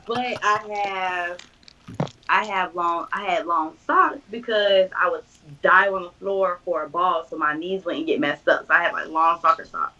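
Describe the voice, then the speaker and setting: A woman's voice: lowish voice, a little slow, pushed and bright. A young woman, a podcast guest, telling a story animatedly and acting out the voices of others. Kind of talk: casual chat. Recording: distant, dull mic.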